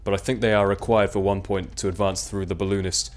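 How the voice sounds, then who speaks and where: A man's voice: low voice, flat delivery, fast. A young man gives casual, rambling, self-mocking commentary while playing a video game. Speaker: let's play commentator.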